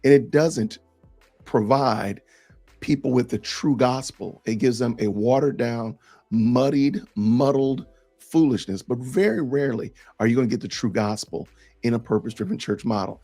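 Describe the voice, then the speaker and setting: A man's voice: medium pitch, moderate pace, creaky, warm tone, faint music behind. A man hosting a podcast, reading out comments and answering them in an emphatic, sarcastic way. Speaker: podcast host.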